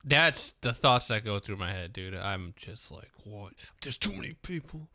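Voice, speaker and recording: A man's voice: fairly low pitch, big pitch swings, moderate pace, pushed and bright, no room sound, studio quality. A man co-hosting a podcast, ranting profanely in casual chat and often breaking into laughter. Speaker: podcast co-host.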